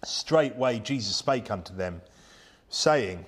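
A man's voice: a little high, lively intonation, brisk. A man preaching a Bible-study sermon in a conversational way, full of rhetorical questions and reading old-style scripture aloud.

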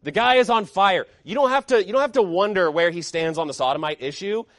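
High-voiced fiery male preacher. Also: expressive, a little fast, no room sound, clean studio sound. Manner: emphatic, fiery preaching with rhetorical questions. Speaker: pastor. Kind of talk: sermon.

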